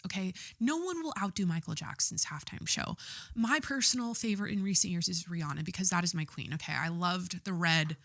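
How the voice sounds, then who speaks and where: Young woman, solo podcast host, lowish voice, blunt and sweary, slightly stuffy with a cold, dry close sound. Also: expressive, a little fast, fairly bright tone, no room sound. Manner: candid and profane, lots of fillers. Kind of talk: casual solo podcast monologue.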